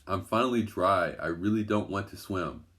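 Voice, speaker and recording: A man's voice: low voice, normal speed, a bit bright. A man voicing a young girl in a storybook who grumbles and sighs about getting wet. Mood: grumbling. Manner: grumbling, sighing.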